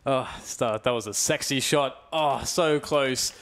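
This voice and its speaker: A man's voice: unhurried, a little hiss or hum. A man with a British accent giving live play-by-play commentary on an esports match, his voice jumping up on big plays. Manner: excitable, pitch jumps on big plays. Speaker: esports caster.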